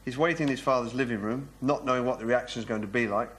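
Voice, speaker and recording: A man earnestly narrating a scene pitch in a sketch comedy. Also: racing, slight background noise.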